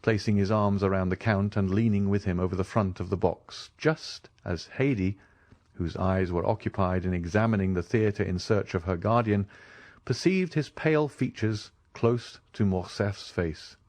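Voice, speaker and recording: A man narrating a classic novel as an audiobook reader, expressive storytelling. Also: fairly low pitch, moderate pace, no echo.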